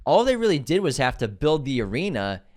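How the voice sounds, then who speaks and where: A man's voice: medium pitch, very animated, a little fast, a little mellow. A man co-hosting a film podcast in casual chat, explaining film locations and history and quizzing his co-host. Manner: explanatory, asks quiz questions, adds "you know".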